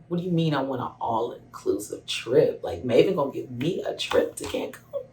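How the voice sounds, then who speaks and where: A woman in her thirties, a hairstylist, telling a personal story to camera in a casual, animated way. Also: medium pitch, a little fast, a little hiss or hum. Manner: animated, acts out both sides of a phone call. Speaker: hairstylist sharing a testimonial. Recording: echoey room, voice a bit far from the mic.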